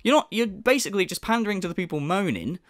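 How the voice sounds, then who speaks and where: A man's voice: high voice, lively intonation, quick pace, no echo, studio quality. A man ranting in sneering, profane commentary as a channel host.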